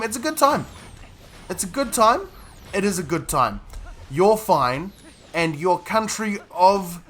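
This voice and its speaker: Playful high-voiced New man. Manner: playful, excitable, laughs often. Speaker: streamer. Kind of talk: live gameplay commentary, chatting with viewers.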